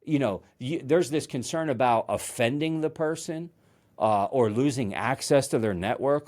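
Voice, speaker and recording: A man's voice: mid-range voice, expressive, normal speed, darkish tone. A man hosting a motivational solo talk, speaking conversationally and emphatically, with frequent restarts. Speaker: host.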